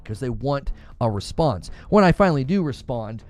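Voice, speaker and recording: A man's voice: fairly high pitch, big pitch swings, moderate pace, few pauses. A man hosting a gaming news show, talking casually and with exasperation, repeating himself as he rants. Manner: exasperated, repetitive, conversational ranting. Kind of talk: casual opinion commentary.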